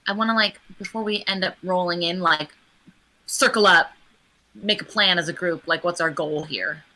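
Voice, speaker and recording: A woman's voice: fairly low pitch, normal speed, pushed and bright, rough recording. A woman playing in a tabletop game, chatting casually with the group. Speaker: player.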